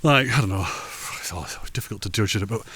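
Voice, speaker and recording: A man's voice: lowish voice, lively intonation, fast, bright, forceful tone, slightly rough, no room sound. A man, chatting casually and jokingly while walking along a mountain ridge outdoors. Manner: chatty, jokey, rambling asides. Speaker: hiking vlogger.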